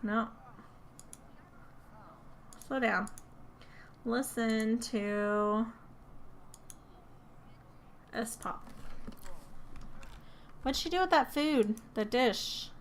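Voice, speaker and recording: A woman's voice: a little high, extremely slow, pauses often, slight background noise. A woman hosting her gaming channel, giving casual let's-play commentary, chatty and prone to laughing as she coaxes her game characters along.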